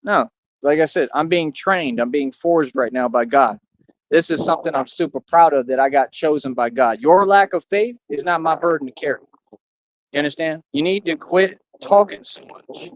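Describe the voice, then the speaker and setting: A man's voice: on the high side, moderate pace, dry recording. Boastful man ranting on a dull, dry mic. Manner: boastful, defiant, repeats "like I said". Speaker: livestreamer. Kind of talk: boastful livestream rant.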